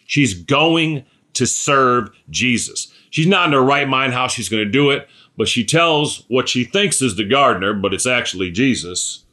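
A man's voice: mid-range voice, expressive, bright, forceful tone. A man preaching a sermon in a conversational way, often checking in with "right?" and "okay?" and sometimes restarting his sentences. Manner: halting, with restarts and fillers. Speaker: pastor.

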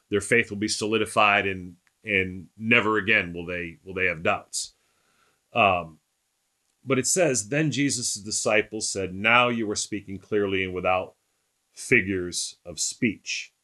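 A man's voice: lowish voice, a little slow, sharp tone. A man teaching through a Bible passage verse by verse, emphatic, often asking rhetorical questions and checking in with "right?".

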